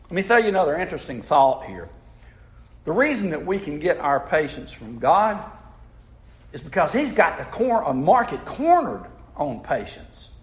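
Folksy preacher, lively pitch. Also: male voice, normal speed. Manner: folksy storytelling with audience asides. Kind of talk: sermon.

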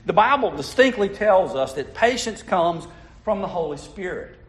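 A man's voice: sits high, big pitch swings, normal speed, a bit bright. A man preaching a sermon, telling stories in a folksy way and putting asides to the congregation. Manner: folksy storytelling with audience asides.

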